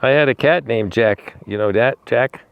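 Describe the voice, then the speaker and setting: A man's voice: mid-range voice, moderate pace, creaky, clean tone, muffled recording. A man who rescues animals tells a story in a rambling way, restarting his words, and talks fondly to a dog outdoors. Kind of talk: casual storytelling while feeding a dog.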